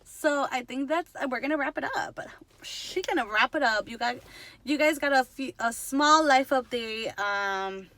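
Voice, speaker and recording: A woman's voice: high voice, expressive, unhurried, bright, forceful tone, no echo. A woman vlogger chatting casually to her followers, rambling and gushing with lots of "like" and the odd Spanish word. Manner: rambling and gushing, heavy use of "like", drops in Spanish words. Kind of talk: casual chat to camera.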